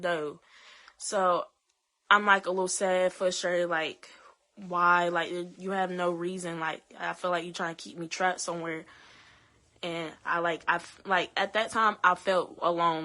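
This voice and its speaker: A young woman telling her own story to her viewers, halting, with many fillers and restarts. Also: lowish voice, sharp tone. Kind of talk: emotional personal storytelling to camera.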